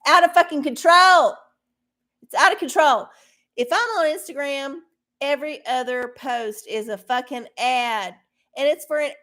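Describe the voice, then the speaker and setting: A woman hosting a livestream, chatting casually to her viewers in a profane, ranting way. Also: on the high side. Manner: talks to viewers directly. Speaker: livestream host.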